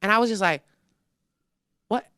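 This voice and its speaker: Young woman chatting in an interview, low smooth voice, dry sound, acts out her own quotes. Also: fairly quick, a bit bright, dry recording. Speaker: interview guest, singer. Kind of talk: casual interview chat.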